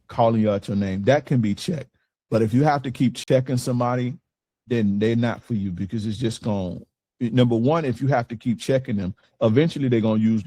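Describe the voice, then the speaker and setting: A man's voice: lowish voice, dark tone, no room sound. Blunt, profane man coaching on dating. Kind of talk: casual coaching talk to a group.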